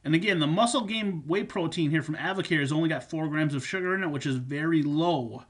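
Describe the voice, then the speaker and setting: Speaking briskly in a slightly high voice, a fitness coach walks viewers through supplements and nutrition. His delivery is casual, with repeated points and fillers.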